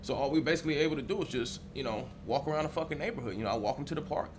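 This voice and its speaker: A man's voice: medium pitch, racing, noisy background. A man, a teacher, speaking candidly in a reflective interview with casual swearing.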